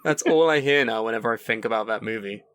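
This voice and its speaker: A man's voice: fairly low pitch, fast, a bit bright, clean tone, no echo. A man co-hosting a casual podcast chat, making dry, profane jokes. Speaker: podcast co-host.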